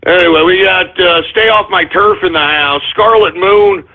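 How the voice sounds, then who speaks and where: A man hosting a live internet radio show, brash and profane, mocking his listeners and breaking into sudden shouts. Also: sits high, moderate pace. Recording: tinny phone-like lo-fi sound.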